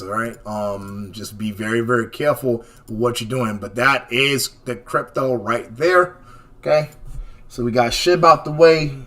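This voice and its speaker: A man hosting a live trading stream, talking through stock charts in a casual, animated way and often checking in with "okay?" and "right?". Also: mid-range voice. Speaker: stock chart analyst host.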